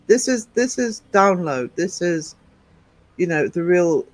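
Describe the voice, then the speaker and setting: British male channel host, casual and digressive, voice sits a little high. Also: big pitch swings, slow pace, no room sound, low-quality recording. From United Kingdom. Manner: chatty, rambling, digressive. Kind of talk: casual livestream chat.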